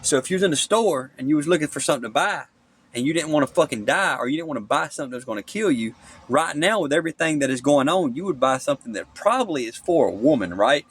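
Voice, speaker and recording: Filming himself on his phone's front camera, a man rages through a profane, rambling monologue, repeatedly asking "okay?" He talks quickly in a fairly high, husky voice with lively intonation.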